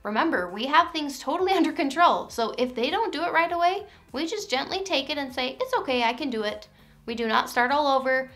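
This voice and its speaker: A woman who is a parenting coach, giving calm, clear, encouraging instruction and modeling phrases to say to a child. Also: high voice, brisk, few pauses. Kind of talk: scripted instructional talk.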